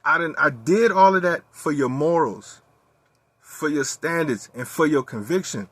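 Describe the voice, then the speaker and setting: A young man talking candidly in a personal monologue, profane and animated as he tells his story. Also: a little high, unhurried, husky, no room sound. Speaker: vlogger.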